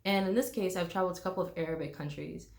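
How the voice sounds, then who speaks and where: A woman's voice: on the low side, rapid-fire, gravelly, a little mellow. A young woman from the United States, a travel vlogger, ranting bluntly and swearing freely, mocking people with put-on voices. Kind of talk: casual ranting vlog.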